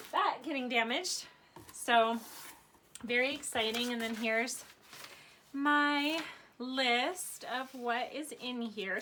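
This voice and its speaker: A young woman vlogging an unboxing from her floor at home, gushing and bubbly, saying again and again how excited she is. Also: a little high, slight background noise. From Arizona, United States. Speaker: craft vlogger. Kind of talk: unboxing vlog.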